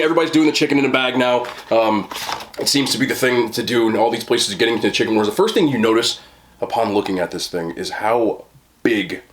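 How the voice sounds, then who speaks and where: A man casually reviewing fast food on camera, chatting with fillers and talking through mouthfuls at a desk mic. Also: on the low side, slight background noise. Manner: chatty, talks while chewing, frequent fillers.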